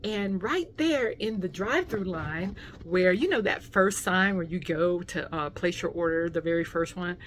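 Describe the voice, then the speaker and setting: A woman vlogger telling a casual story time, animated and full of fillers, acting out what people said. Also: on the low side, moderate pace, few pauses, a little hiss or hum. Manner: animated storyteller, many fillers, acts out quotes.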